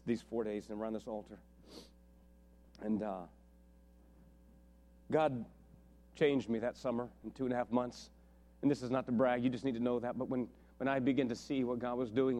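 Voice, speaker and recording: A middle-aged man from West Virginia preaching a sermon, telling stories and rising to animated, shouted peaks. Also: mid-range voice. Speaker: pastor.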